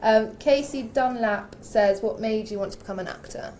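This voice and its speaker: A woman's voice: fairly high pitch, normal speed, a little mellow. Playful woman interviewer. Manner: teasing, playful questions. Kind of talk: casual interview.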